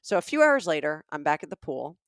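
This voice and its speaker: Middle-aged Southern woman, comic podcast storyteller, slightly low voice. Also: fairly quick, no echo, studio quality. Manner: animated, acts out the dialogue of people in her stories. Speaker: podcast co-host. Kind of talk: comedic storytelling.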